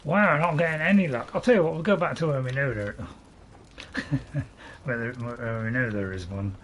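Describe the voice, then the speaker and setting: A man's voice: medium pitch, normal speed, fairly bright tone, slight background noise. A man hosting his own channel, talking to himself through a gameplay commentary in a rambling, chatty way with frequent chuckles. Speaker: gaming channel host. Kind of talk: let's-play gameplay commentary.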